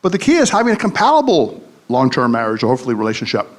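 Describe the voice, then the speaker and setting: A man's voice: mid-range voice, wildly swooping pitch, racing. A man, a psychologist and podcast host, giving a live comedic talk, telling jokes and anecdotes and questioning the audience. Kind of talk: comedic motivational speech.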